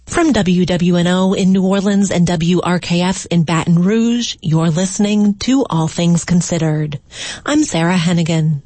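A woman radio news host introducing a story in a measured, clear read. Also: fairly low pitch, dark tone, soft background music. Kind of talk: scripted news presentation.

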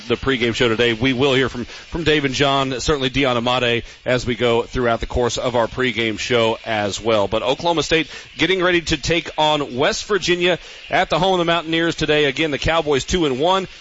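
A man hosting a radio football pregame show from a sports grill, with a brisk, upbeat announcer delivery. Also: medium pitch, fairly bright tone. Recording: dull radio broadcast with faint noise.

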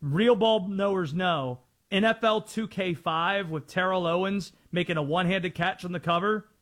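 A man's voice: high voice, normal speed, a bit bright. A man hosting a sports talk show, arguing his opinions assertively and taking callers. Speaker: sports radio host.

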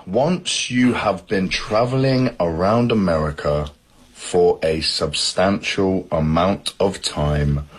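A young British man with a husky voice, sharing an earnest personal video message. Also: deep voice, takes it slowly. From United Kingdom. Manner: earnest and confessional, stretched-out emphatic phrasing.

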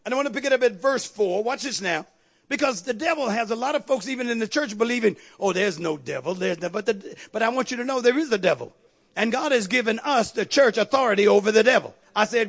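A man preaching a sermon with fervor, repeatedly calling on the congregation to agree and building to shouted peaks. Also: very high voice, lively intonation, a little fast. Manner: call-and-response, repeatedly asking the congregation to agree.

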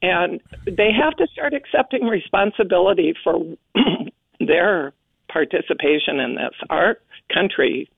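Slow, gravelly woman on a phone line. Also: fairly low pitch, expressive, dry recording. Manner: indignant, deliberate. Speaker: caller. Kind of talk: talk radio call-in.

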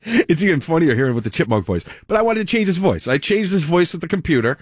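Rambling radio host, dry. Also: male voice, a little high, very animated, quick pace, dry recording. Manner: rambling, laughing, self-interrupting. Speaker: radio talk show host. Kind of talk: casual on-air talk.

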